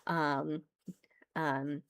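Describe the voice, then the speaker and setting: A woman with a somewhat low voice chats loosely as a podcast co-host. She laughs easily and lets sentences trail off. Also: little pitch movement, drawn-out words. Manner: chatty, laughs often, trails off mid-sentence. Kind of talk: casual chat.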